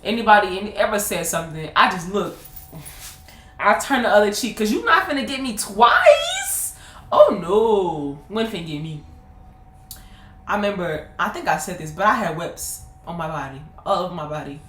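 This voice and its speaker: A woman in her twenties telling a personal story to her viewers in a casual, animated way, laughing often. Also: lowish voice, moderate pace. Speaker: vlogger. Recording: roomy echo.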